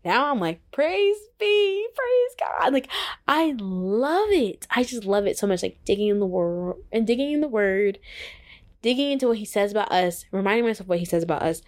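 An excitable young woman sits at the mic of her own podcast and talks through her faith in a casual, earnest way. Her voice sits at an ordinary pitch, and she often pauses on "like" as she finds her words. She comes across as heartfelt and easygoing. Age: young adult. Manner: earnest and excitable, heavy use of "like". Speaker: podcast host. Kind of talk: casual faith-based reflection.

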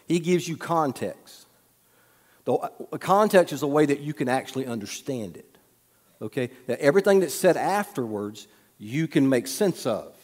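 A man preaching a sermon, telling folksy stories with humorous asides and dropping to a soft hush at times. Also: fairly high pitch. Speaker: pastor. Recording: long hall reverb.

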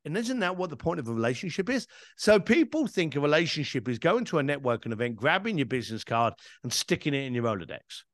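Guy, kinda high voice, swings all over when he talks, swears casual. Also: fast talker, few pauses, dry recording, clean studio sound. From East London, England. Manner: animated, emphatic, casual swearing. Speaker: podcast guest, entrepreneur and speaker. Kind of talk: conversational interview storytelling.

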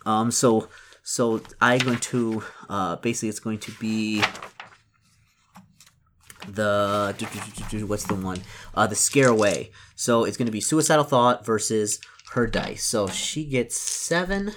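Man, slightly low voice, narrating a solo tabletop game and dice rolls; halting, stop-start delivery. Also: background noise. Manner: halting, full of repetitions and restarts. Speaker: solo tabletop role-player.

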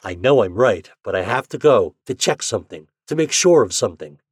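A determined young journalist insists on the truth, as a man reading a story voices him. He speaks earnestly in a fairly low voice. The sound is close and dry. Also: expressive, a little fast, breathy edge, no echo. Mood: urgent.

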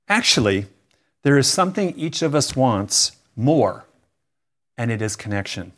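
Guy preaching a sermon, earnest, leans hard on words, pauses for effect, middle pitch. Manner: earnest, emphatic preaching with dramatic pauses and repetition. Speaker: pastor.

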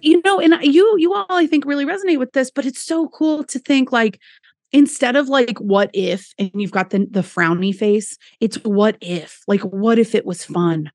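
A woman keynote speaker, a guest on a podcast, telling travel stories in an enthusiastic, animated way and speaking straight to listeners. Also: high-pitched, moderate pace, no room sound, studio quality. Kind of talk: lively anecdotal storytelling.

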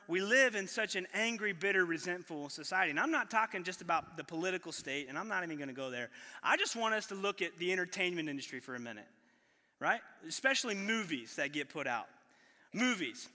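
A man's voice: sits high, bright, forceful tone, long reverb tail. A man pastor preaching a sermon in a conversational way, putting rhetorical questions to the congregation. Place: church sanctuary.

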